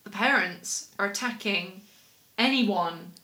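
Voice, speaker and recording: A woman co-hosting a podcast, telling a story in rambling, animated casual chat. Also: medium pitch, slow pace. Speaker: podcast co-host.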